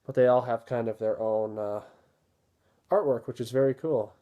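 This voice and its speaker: A man casually talking through an unboxing, relaxed and rambling with many fillers. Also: mid-range voice, moderate pace, dull audio. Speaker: video host reviewing a disc set.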